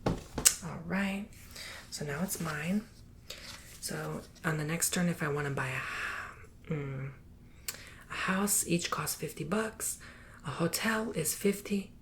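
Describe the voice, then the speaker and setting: An ASMR creator whispers through a sassy tutorial, teasing the listener playfully in a gravelly, close, slightly high voice. A steady hiss and small clicks run beneath the recording.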